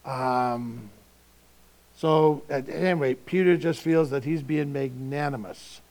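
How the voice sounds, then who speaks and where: A male pastor giving a sermon in a relaxed, conversational way, asking his listeners rhetorical questions. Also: mid-range voice, takes it slowly.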